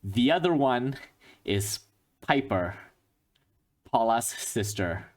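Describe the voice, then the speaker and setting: A man in a mid-range voice running a tabletop game as game master. He narrates fast and chatty, sliding straight into quick voices for the people in the scene. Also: mid-range voice, lively intonation.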